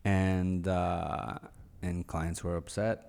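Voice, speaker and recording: Male guest, very deep and gravelly, conversational and explanatory. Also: little pitch movement, slow, darkish tone. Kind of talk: casual interview chat.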